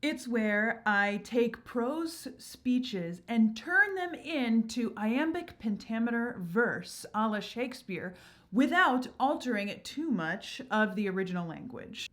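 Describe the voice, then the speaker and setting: A woman's voice: a little high, animated, takes it slowly. A woman hosting her own channel, explaining verse and meter in an upbeat, enthusiastic, teacherly way. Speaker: channel host.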